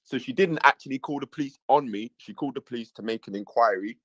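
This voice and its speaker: A man's voice: medium pitch, quick pace, fairly bright tone, no room sound, low-quality recording. A man hosting a casual livestream, reading viewers' messages aloud and repeating his own phrases. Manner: reads chat aloud, repeats himself, chuckles. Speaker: livestream host.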